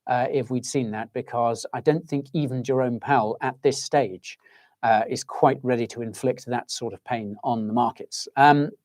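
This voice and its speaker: A man's voice: medium pitch, moderate pace, a little mellow, no room sound, studio quality. A man hosting a casual livestream, chatting in a rambling way and calling his viewers folks. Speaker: livestream host.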